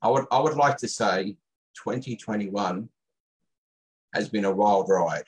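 Halting man, low voice. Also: rough recording. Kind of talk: casual chat.

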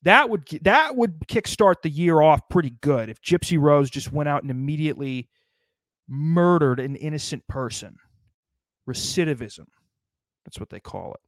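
A man's voice: a little high, lively intonation, moderate pace, no echo. A man delivering a rambling, sardonic comedic monologue, swearing constantly as he riffs.

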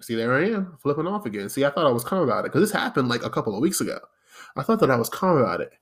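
A man's voice: mid-range voice, very animated, very fast. A man hosting a solo podcast, ranting in an exasperated, profane, rambling way. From United States. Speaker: podcast host.

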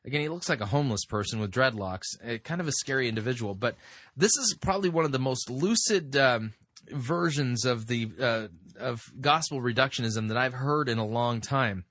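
Sarcastic man with a bright, dry voice. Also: medium pitch, lively intonation, fairly quick, no room sound. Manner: sarcastic and dismissive, with many fillers. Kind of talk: commentary on a read-aloud article.

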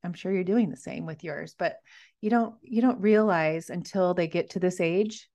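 A woman in her forties speaks as a guest in a casual interview. She rambles and restarts her sentences but stays enthusiastic. Her voice sits a little low. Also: normal speed, a little mellow. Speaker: guest, mother. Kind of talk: conversational interview.

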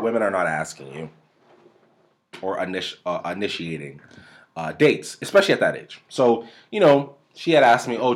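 Man, 30s, podcast host, low voice, lively pitch, rambling and profane, close mic at home. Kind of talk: casual storytelling. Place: home room. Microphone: desk mic at close range.

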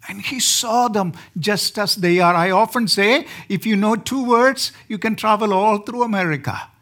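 A man's voice: sits high, normal speed, fairly bright tone. A man from India with an Indian accent, preaching as a guest speaker and joking with the congregation. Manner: joking, asks the congregation questions. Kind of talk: sermon.

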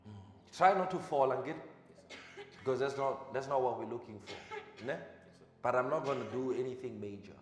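A man preaching as a pastor. He quizzes the congregation with short questions, then gives quiet instructions during a live demonstration. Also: mid-range voice, moderate pace. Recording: echoey hall with music behind.

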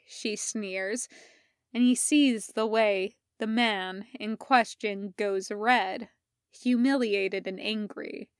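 Slow, measured woman reading a story. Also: medium pitch, fairly even intonation, dry recording, clean studio sound. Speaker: podfic reader. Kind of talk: unhurried reading of fan fiction.

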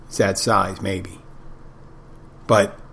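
A man's voice: low-pitched, flat delivery, very slow, creaky, fairly bright tone, a little hiss or hum. Rambling, wry middle-aged male podcast host. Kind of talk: casual monologue.

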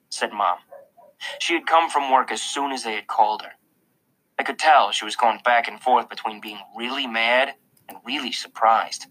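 A man narrating a children's novel in the first person, with an expressive storytelling delivery. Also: medium pitch, moderate pace, poor audio. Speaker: audiobook narrator.

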